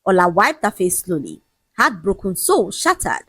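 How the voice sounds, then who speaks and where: A woman narrates a dramatic folk tale, her pitch rising and falling in an animated way. Her voice is husky and slightly breathy. It is recorded close and dry, with no room sound. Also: moderate pace, dry recording. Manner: lively, expressive storytelling. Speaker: storyteller.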